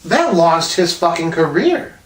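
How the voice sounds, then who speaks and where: A man's voice: fairly high pitch, sing-song, a little slow, slight background noise. A man co-hosting a casual podcast, talking animatedly and swearing constantly. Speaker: podcast co-host. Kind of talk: casual profane banter. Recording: roomy, distant mic.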